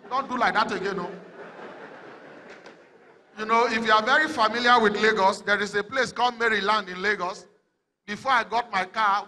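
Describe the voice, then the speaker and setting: A Nigerian man performs stand-up comedy, his high, very bright voice ringing through a big event hall with a long echo. He tells his stories in an animated way, putting on other people's voices and breaking into shouts. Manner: animated storytelling, acting out characters with shouts. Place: large indoor event hall.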